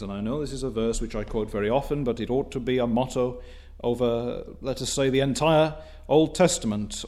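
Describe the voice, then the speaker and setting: Brisk and expressive, this preacher uses formal, archaic wording in his sermon, alternating hushed low asides with forceful, emphasized lines.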